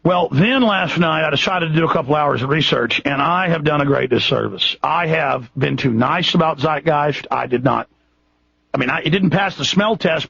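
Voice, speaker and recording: A man's voice: on the high side, vocal fry, a bit bright, slightly rough, no room sound, lo-fi sound. A Texan man hosting a radio show, talking in an impassioned, rambling way with frequent restarts. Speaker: radio host. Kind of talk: radio monologue.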